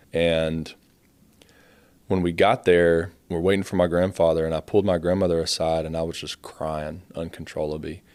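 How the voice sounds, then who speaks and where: A young man telling his life story in a quiet, halting way. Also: low voice, clear, resonant tone, no echo. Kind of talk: personal testimony, told plainly.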